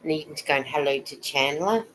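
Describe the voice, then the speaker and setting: Woman with a deep-set voice for a casual live stream; chatty, rambling, greets viewers by name while she knits. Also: a little fast, a bit bright, a little hiss or hum, low-quality recording. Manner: chatty and rambling, greeting viewers and reading their comments aloud. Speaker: knitting vlogger hosting a live stream.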